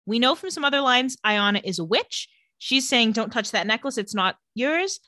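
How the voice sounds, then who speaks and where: A woman co-hosting a casual chat, retelling a TV episode with quick put-on character voices and frequent laughs. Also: on the high side, expressive, sharp tone, dry recording. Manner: storytelling recap, quick mock voices for characters, laughs often. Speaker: podcast co-host recapping a TV episode.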